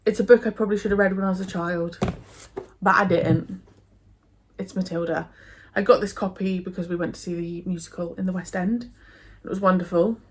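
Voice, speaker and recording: A young English woman, a book vlogger, chats casually and enthusiastically about books she's read, full of fillers and restarts. Her voice is on the low side and slightly rough.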